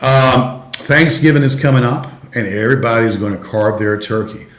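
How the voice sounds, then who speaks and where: A man's voice: mid-range voice, moderate pace, a bit bright. Old guy hosting a raunchy talk show, rambly, kinda echoey room. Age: older. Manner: rambling, chuckling, crude. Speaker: host. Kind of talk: bawdy comedy talk show.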